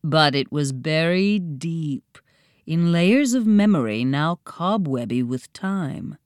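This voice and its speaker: Female storybook narrator: slow, expressive, smooth, close and dry. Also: low voice, no room sound. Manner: slow, expressive, dramatic reading.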